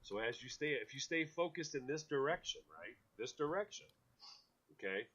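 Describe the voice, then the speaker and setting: A man hosting a talk radio show in casual chat, animated, with stammered restarts, who mimics other people in quotes. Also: a little high, normal speed, breathy edge. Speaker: radio host. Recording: dull lo-fi radio audio.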